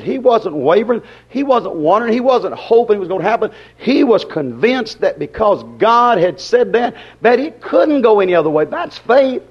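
A man preaching a sermon in a folksy, dramatic way, swinging between loud and soft. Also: sits high, husky. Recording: dull lo-fi sermon recording.

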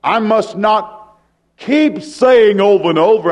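A man with a high voice preaches a sermon. His delivery rises to loud lines and drops to hushed ones in a steady preaching cadence. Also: slow.

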